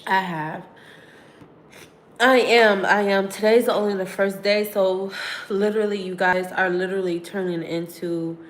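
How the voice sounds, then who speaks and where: A woman's voice: mid-range voice, steady tone, a little slow. A woman vlogger talking candidly and emotionally to her viewers, rambling and profane, close to tears. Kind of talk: emotional confessional livestream talk.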